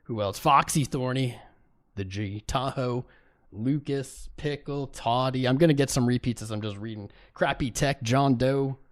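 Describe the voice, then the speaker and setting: A man's voice: medium pitch, a little slow. A man hosting a live stream, chatting casually and greeting viewers in chat by name. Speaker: livestream host. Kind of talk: casual livestream commentary.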